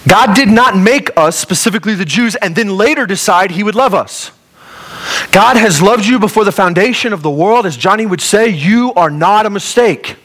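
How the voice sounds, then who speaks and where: Lively joking man preaching a sermon. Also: high voice, normal speed, poor audio. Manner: lively, conversational, joking asides. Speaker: pastor.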